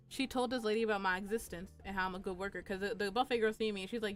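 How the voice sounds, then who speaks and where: Profane, animated young woman streamer. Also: rapid-fire, few pauses, soft background music. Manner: animated, profane, jumps into high squeaky voices for quotes. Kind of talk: casual storytime chat.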